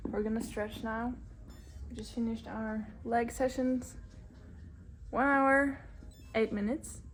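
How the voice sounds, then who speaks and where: A woman in her twenties vlogging in a relaxed, chatty way, talking while she walks and moves around outside. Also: on the high side, slow pace, pauses often, rough recording. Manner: chatty, relaxed, talks while walking and moving. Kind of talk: casual vlog narration. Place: outdoors in the sun. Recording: outdoor noise behind.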